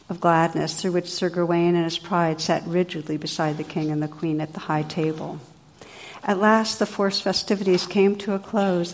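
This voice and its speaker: A woman meditation teacher reads an old legend aloud within a talk. Her voice is lowish and calm. She tells the story in an expressive, unhurried way.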